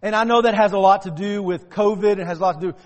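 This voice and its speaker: High-voiced male pastor preaching in a reverberant hall. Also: fast talker. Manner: conversational preaching, building to emphatic shouts. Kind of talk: sermon. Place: church sanctuary.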